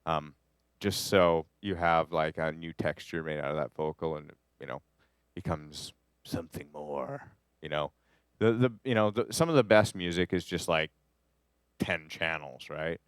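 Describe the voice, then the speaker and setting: A man from Canada teaches a live studio class on music production, with a very low voice. He rambles and cracks jokes while he edits, and the sound is dry and close. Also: measured pace, clean tone, dry recording. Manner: rambling, jokey, talks to the audio as he edits.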